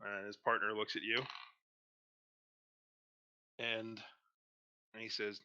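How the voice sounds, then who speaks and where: A man narrating as dungeon master, relaxed and hesitant, with many fillers. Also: on the low side, takes it slowly, long pauses, clear, resonant tone. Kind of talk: narrating a tabletop game. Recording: dull lo-fi mic.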